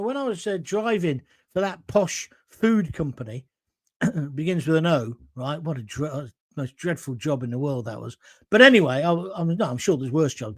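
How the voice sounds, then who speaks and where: Brief: blunt, rambling middle-aged male host from Coventry, higher voice, very dry close sound. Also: no room sound. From Coventry, England. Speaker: online show host. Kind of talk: opinionated monologue reading viewer comments.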